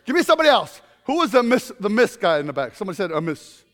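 A man preaching a humorous sermon to a congregation, telling stories in an animated way with bursts of shouting. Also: high voice, racing, long reverb tail. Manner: animated storytelling with comic shouted outbursts. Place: congregation in a room.

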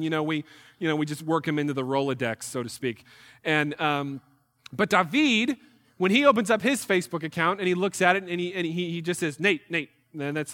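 Young male missionary speaker with a high voice, animated and humorous. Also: long reverb tail. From New York. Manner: animated, jokey storytelling with acted-out asides. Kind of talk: ministry presentation to a church group.

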